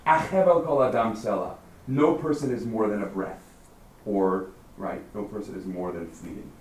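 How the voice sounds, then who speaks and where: A man leading a text study class, lively and questioning, thinking aloud as he explains. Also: on the low side, normal speed. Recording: roomy, far from the mic, faint noise.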